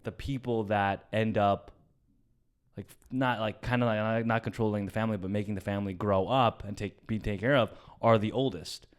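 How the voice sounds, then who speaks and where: A young man with a low, smooth and resonant voice tells a personal story on a comedy podcast. He talks casually and swears freely. His sentences often sink into quieter, trailing asides. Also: steady tone, moderate pace. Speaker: podcast co-host. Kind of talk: casual chat.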